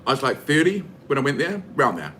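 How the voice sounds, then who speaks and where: A man's voice: medium pitch, big pitch swings, quick pace, a bit bright, a little hiss or hum. A man with a New Zealand accent chatting casually and rambling with lots of fillers while he cooks for his vlog. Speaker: vlogger. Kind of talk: casual chat while cooking.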